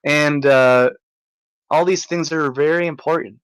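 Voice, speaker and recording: A man telling a rambling, excitable story in a casual vlog, stumbling over restarts and fillers as he marvels at things. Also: a little high, smooth, no room sound, poor audio. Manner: halting, many restarts and fillers. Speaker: vlogger recounting a visit.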